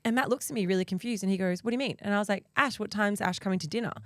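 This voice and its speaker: A woman's voice: medium pitch, rapid-fire, dry recording, studio quality. A woman co-hosting a podcast, telling a story in chatty casual talk full of fillers. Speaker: podcast co-host. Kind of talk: casual chat.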